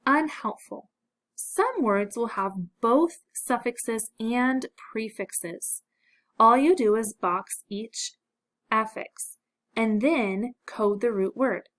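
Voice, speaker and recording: A woman teaching a phonics lesson to children, speaking clearly and encouragingly. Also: mid-range voice.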